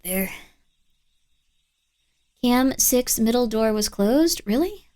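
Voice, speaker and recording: A woman's voice: on the high side, animated, takes it slowly, long pauses, mellow. A woman streaming a game live, chatting playfully, scolding her pet and bantering with her viewers as she plays. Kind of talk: casual live-stream gameplay commentary.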